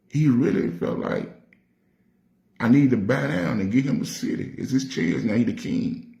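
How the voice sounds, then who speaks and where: A man's voice: mid-range voice, lively intonation, moderate pace, gravelly, dark tone, reverberant. A man with a Nashville Southern accent, a rapper telling stories in a casual, streetwise and profane way, acting out the voices he quotes. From Nashville, Tennessee. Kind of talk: casual storytelling.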